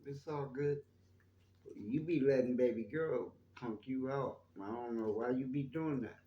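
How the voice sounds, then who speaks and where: A man's voice: medium pitch, moderate pace, reverberant, lo-fi sound, slight background noise. A man hosting his own channel, talking to viewers in a rambling, chatty monologue about his faith. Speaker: YouTube channel host. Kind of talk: casual spoken monologue on faith.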